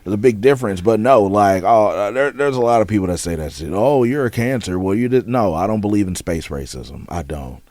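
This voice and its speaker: A middle-aged man with a very deep voice talks on a podcast in a halting, loose way. He restarts his sentences often and lets them trail off low. The sound is close and dry. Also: lively intonation, darkish tone, dry recording. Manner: halting, many restarts and fillers, drops his voice at the end of lines. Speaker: podcast co-host. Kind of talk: casual podcast chat.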